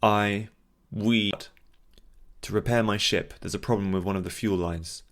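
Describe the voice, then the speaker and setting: A man's voice: lowish voice, steady tone, measured pace, fairly bright tone. A man reading a storybook, voicing an arrogant, hot-tempered sky-pirate captain who talks tightly through clenched teeth. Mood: tense.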